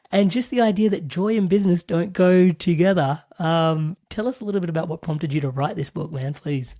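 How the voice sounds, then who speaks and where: A woman's voice: lowish voice, brisk, few pauses, mellow. An Australian woman hosting a podcast interview, enthusiastic and loose with fillers, on a remote call. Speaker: podcast host. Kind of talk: casual interview.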